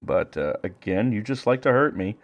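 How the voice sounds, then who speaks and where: Profane, animated male podcast storyteller. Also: normal speed, lo-fi sound. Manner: profane, animated storyteller doing high impressions. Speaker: podcast co-host. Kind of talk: casual podcast chat.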